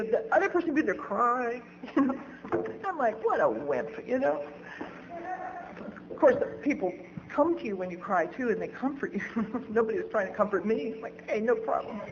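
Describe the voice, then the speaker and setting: A woman's voice: mid-range voice, highs cut off, a little hiss or hum. Candid woman telling recovery story. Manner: candid, self-mocking, laughs at own stories. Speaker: recovery meeting speaker. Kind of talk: personal storytelling talk.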